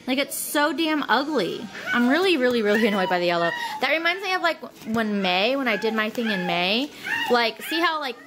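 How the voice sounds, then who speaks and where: A woman's voice: very animated, normal speed, background noise. A woman who is sick, chatting casually at home in a rambling vlog style full of fillers. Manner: turns high and singsong when talking to her toddler. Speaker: vlogger.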